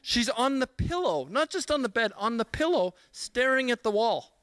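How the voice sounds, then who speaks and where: High bright-voiced man telling a story. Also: moderate pace, clear, resonant tone, no room sound. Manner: animated storyteller, self-mocking, many restarts. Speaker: speaker at a church gathering. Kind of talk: humorous personal story in a sermon.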